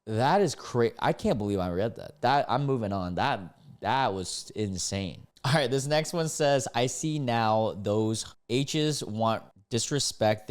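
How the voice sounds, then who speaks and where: Casual reaction commentary on online posts comes from a man packed with slang like "dude" and "bro," who breaks into sudden high, loud outbursts.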